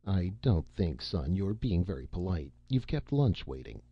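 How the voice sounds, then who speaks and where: A man voicing a composed, clipped scientist father who speaks briskly. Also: low-pitched, sing-song, husky, dry recording, highs cut off, heavily acted. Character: cool, dry scientist father.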